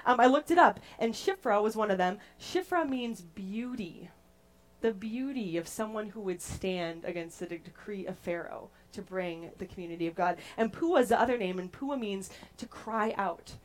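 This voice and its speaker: A young adult woman preaching a casual, playful sermon to a group, chatty and animated as she tells stories. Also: medium pitch, moderate pace.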